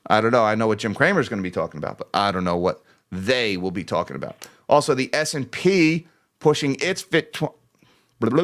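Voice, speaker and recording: A man's voice: a little high, fairly bright tone. A man hosts a casual finance livestream, joking and laughing easily as he reads out market closes. He talks to viewers directly, thanking them by name in a loose, chatty way.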